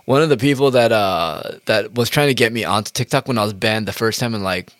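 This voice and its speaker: A man's voice: fairly low pitch, a little fast, a bit bright, no echo, clean studio sound. A man ranting in a casual monologue, swearing a lot and jumping from topic to topic. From United States. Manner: profane, heated, jumps between topics.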